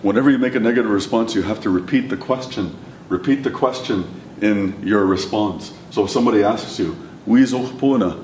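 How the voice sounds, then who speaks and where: Heard from a distant mic in an echoey classroom or lecture room with a faint rumble, a language instructor patiently repeats words slowly for his learners. His voice is a little mellow.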